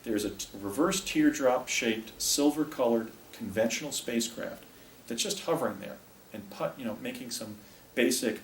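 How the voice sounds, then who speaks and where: An older man giving a talk and recounting a personal story, with a rambling, halting delivery full of restarts. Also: mid-range voice. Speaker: speaker presenting images to an audience. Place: presentation room with a projector. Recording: echoey room, distant mic, faint hiss.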